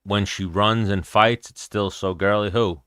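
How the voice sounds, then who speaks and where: Deep, forceful man talking casually. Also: steady tone, a little slow, clear, resonant tone, dry recording, clean studio sound. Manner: opinionated, talks through his reasoning. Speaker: podcast host. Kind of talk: casual fight-watching chat.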